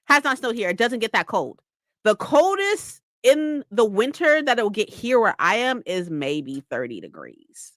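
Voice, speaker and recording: A young woman from California chats casually and swears as she goes. Her voice sits high and swings up and down in lively jumps, with a bright, sharp edge. The sound is close and dry. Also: moderate pace, dry recording. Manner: chatty, swearing, laughing a lot. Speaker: streamer. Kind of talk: casual chat.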